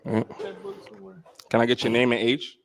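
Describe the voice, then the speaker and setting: A man from New York hosting a dating show, asking brisk, routine questions. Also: medium pitch, level tone. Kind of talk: street dating show interview.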